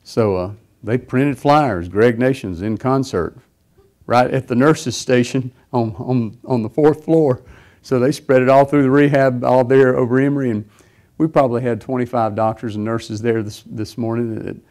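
A man's voice: mid-range voice, fairly even intonation, normal speed, a little mellow. A middle-aged man preaching, telling a personal story in a rambling way with many fillers and restarts. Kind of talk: sermon testimony.

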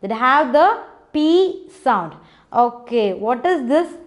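A woman's voice: high voice, sing-song, slow pace. A young woman with an Indian English accent teaching phonics to small children, patient and encouraging, breaking into short sing-song chants.

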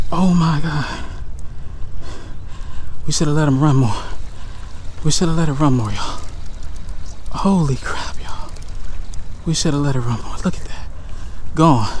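A young man vlogging while wade fishing outdoors, excitable and repeating himself, filmed on an action camera. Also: fairly high pitch, slight background noise. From Texas. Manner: excitable, keeps repeating exclamations, says y'all. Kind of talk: excited fishing vlog chatter. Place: outdoors, wading in coastal water.

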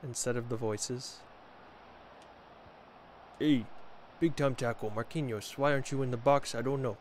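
A man's voice: medium pitch, fairly even intonation, moderate pace, slight background noise. Chatty joking man playing a football game. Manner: chatty, joking, talks to viewers and the players on screen. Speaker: gaming video creator. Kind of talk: casual gameplay commentary.

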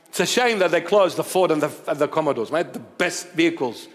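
Male preacher, lively storyteller with humor, high pitch, echoing church hall. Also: a little fast. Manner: animated storytelling with humorous asides. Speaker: bishop, preacher. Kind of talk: sermon. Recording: long church reverb.

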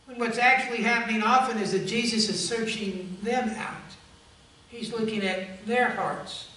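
A man's voice: high-pitched, fairly even intonation, unhurried, pushed and bright. A male pastor preaching a sermon emphatically and addressing the congregation directly, recorded in a church sanctuary from a distance. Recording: echoey church from far off.

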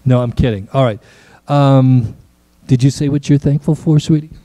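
A man's voice: medium pitch, moderate pace, mellow, dry recording. A man, a pastor giving a playful children's message in church and joking with the kids. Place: church sanctuary.

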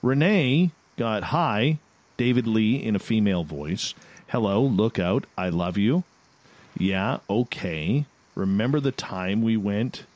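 Slow, low-voiced radio host. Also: male voice, animated, darkish tone. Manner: reads out listeners' results in a halting, unhurried way. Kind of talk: casual talk-radio chat.

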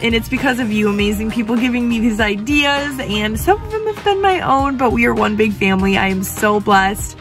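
A woman's voice: a little high, fairly quick, few pauses. A young woman hosting a vlog, talking to camera in a chatty, eager way. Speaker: vlogger host. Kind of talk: casual talk to camera. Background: background music.

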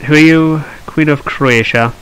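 A man's voice: fairly high pitch, a little slow, a bit bright, clean tone, rough recording. A man hosting a strategy game let's play, chatting and thinking aloud with wry asides. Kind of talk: strategy gameplay commentary.

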